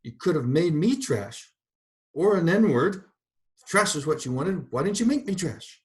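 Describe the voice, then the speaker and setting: A man's voice: medium pitch, measured pace, pitched above the performer's own voice. Man putting on a railing self-righteous farm woman. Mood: bitter. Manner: railing, shouting at the sky.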